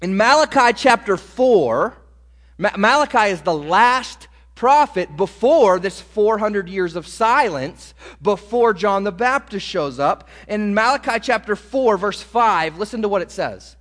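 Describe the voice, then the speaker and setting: A man's voice: high voice, lively intonation, measured pace, a bit bright. A man preaching a sermon, teaching from the Bible and acting out the dialogue of the people in the story with rising emphasis. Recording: long hall reverb.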